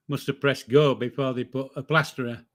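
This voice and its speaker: An older northern English man with a mid-range, fairly bright voice hosts a casual livestream. He reads out chat and jokes in an easygoing, rambling manner, full of fillers and self-corrections.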